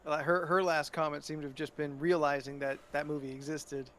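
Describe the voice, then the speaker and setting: A man co-hosting a podcast with a notably high voice, over a faint hum of background noise. He talks emphatically and incredulously, swearing as he goes. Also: flat delivery, fairly quick, fairly bright tone. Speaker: podcast co-host. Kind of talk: casual podcast chat.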